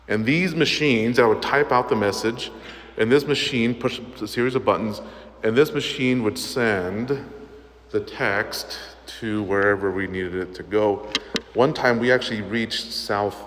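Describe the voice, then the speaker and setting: A man in his fifties, a parish priest, giving an animated virtue talk to schoolchildren in a large church, quizzing them and stressing key phrases. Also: lowish voice. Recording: long church reverb, faint background noise.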